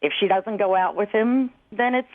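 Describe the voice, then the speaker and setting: A woman's voice: mid-range voice, moderate pace, background noise. Flustered woman caller on a tinny phone line. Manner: flustered, sheepish, animated when retelling. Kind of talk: phone-in chat on a radio show.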